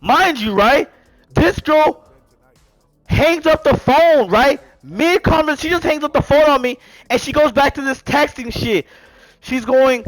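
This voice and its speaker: A man with a high voice tells a casual storytime monologue. He is animated and profane and keeps tagging his sentences with "bro" and "right?". The sound is dry and close. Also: normal speed, no room sound, low-quality recording. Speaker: storyteller vlogger.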